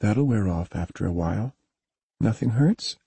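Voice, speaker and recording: Calm caring woman in an audiobook, gentle, reassuring, narrator-voiced, man. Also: lowish voice, moderate pace, gravelly, breathy edge, dry recording, pitched above the performer's own voice, exaggerated voice. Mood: soothing.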